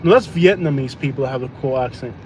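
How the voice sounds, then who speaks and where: Out on a food delivery run, a man livestreams from his car by phone, cracking jokes and chatting casually in a quick, mid-range voice. The road noise fills the cabin.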